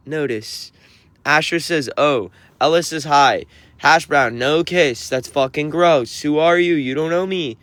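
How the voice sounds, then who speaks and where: A touring musician reads viewer comments aloud on a livestream and answers them in a sassy, teasing, mock-offended way. His voice is a little high, animated and fairly bright, with a measured pace. The recording is dry.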